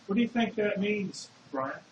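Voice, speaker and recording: A man's voice: sits high, lively intonation, normal speed, dull audio, background noise. A man giving a classroom lecture, explaining step by step and putting questions to the class. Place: lecture hall. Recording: echoey lecture hall.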